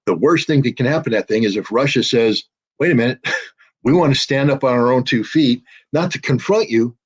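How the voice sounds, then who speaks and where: A man's voice: fairly low pitch, slightly rough. A man in his sixties giving emphatic political commentary as a podcast guest, acting out quoted voices along the way.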